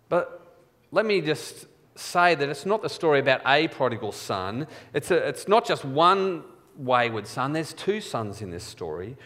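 A man's voice: medium pitch, a bit bright. A man preaching a sermon in a conversational, wry storytelling manner, in a church. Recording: church hall with long reverb.

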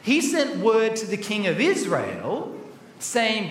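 A man with a high, bright-toned voice leads a children's Bible talk in a chatty, playful way. His voice rings around a roomy church hall with faint noise behind. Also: huge pitch swings, slow pace, far from the mic. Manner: playful and chatty, acting out the story.

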